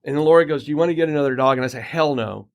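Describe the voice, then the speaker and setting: A middle-aged man hosting a podcast, telling a casual story in an animated way and acting out the quoted lines. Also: on the high side, very fast. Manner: animated anecdote teller, acts out quoted dialogue. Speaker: podcast host. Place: Colorado home.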